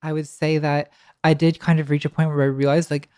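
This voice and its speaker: A woman's voice: sits low, flat delivery, brisk, warm tone, clear, resonant tone, dry recording, studio quality. A woman guest talking reflectively, hesitant with many restarts and fillers, and now and then laughing wryly at herself. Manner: wry, laughs lightly at herself. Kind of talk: reflective conversation.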